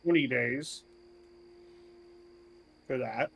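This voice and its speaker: A man's voice: medium pitch, measured pace, gravelly, a bit bright, slightly rough. A man playing in an online tabletop game, carefully walking through practical details and deadlines. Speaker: player. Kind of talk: tabletop role-play discussion.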